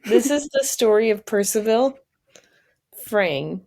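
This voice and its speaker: A woman's voice: mid-range voice, slow pace, a little mellow. A woman podcast host telling an improvised story in a casual, giggly way with many fillers.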